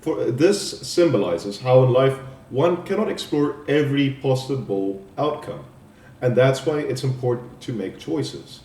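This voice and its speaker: A man presenting a spoken poem analysis as a student assignment, explaining in a halting way with restarts. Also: medium pitch, expressive, mellow. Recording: echoey room, distant mic.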